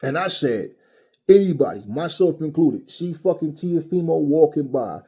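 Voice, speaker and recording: Angry, husky-voiced man ranting. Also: fairly high pitch, animated, normal speed, warm tone. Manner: angry, profane, mocking. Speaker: boxing commentary channel host. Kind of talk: heated opinion rant.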